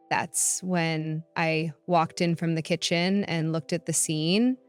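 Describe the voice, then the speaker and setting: A woman's voice: low-pitched, steady tone, takes it slowly, few pauses, smooth. A woman reading a first-person story in a matter-of-fact narration. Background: faint background music.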